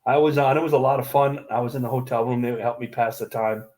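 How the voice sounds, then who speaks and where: A man's voice: mid-range voice, fairly even intonation, quick pace, darkish tone. A man from New York, chatting easily and laughing along on a drawing stream. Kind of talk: casual chat on a drawing stream.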